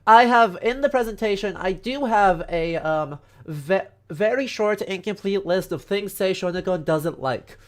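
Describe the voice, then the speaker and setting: A man's voice: sits high, lively intonation, unhurried, few pauses. A man with a congested, stuffy nose giving a casual, joking history lecture on a livestream from home. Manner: chatty and joking, many fillers and asides. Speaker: history streamer. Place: home in the countryside.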